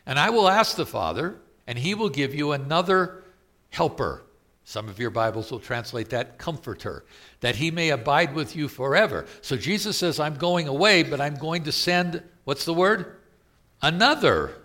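A man's voice: on the high side, big pitch swings, moderate pace, sharp tone. A man with a Southern US accent preaching a sermon, retelling scripture in a plain conversational way and asking his listeners questions. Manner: paraphrasing scripture in conversational asides.

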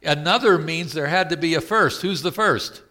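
A man with a Southern US accent preaches a sermon, retelling scripture plainly in conversational asides and asking his listeners questions. His voice is on the high side, bright and forceful, at a normal speed.

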